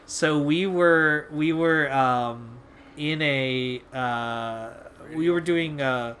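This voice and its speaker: A man's voice: on the high side, extremely slow, fairly bright tone, smooth. A young man hosting a video, telling a casual story in a rambling, laid-back way with lots of fillers and swearing. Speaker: video host.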